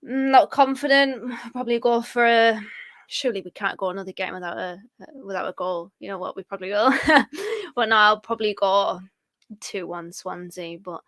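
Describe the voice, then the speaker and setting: A woman's voice: mid-range voice, fairly even intonation, normal speed, fairly bright tone, no echo. A woman co-hosting a football podcast, chatty and playful. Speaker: podcast co-host. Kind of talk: casual football chat.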